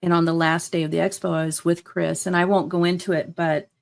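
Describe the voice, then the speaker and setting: Low-voiced enthusiastic woman guest. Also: flat delivery, fairly quick, vocal fry. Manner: earnest, enthusiastic, many fillers. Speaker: guest, hypnotherapist. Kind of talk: casual interview chat.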